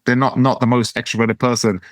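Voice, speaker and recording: A man's voice: medium pitch, flat delivery, a little fast, no room sound. A man hosting a podcast interview who speaks hesitantly, restarting his phrases, and affirms his guest. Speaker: podcast host.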